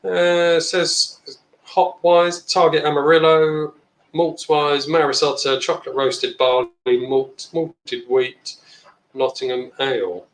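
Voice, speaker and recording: A man's voice: on the high side, flat delivery, takes it slowly, roomy sound, poor audio. A man hosting a casual live beer review, chatting bluntly and reading out viewer comments. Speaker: beer review channel host. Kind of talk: casual live-stream chat.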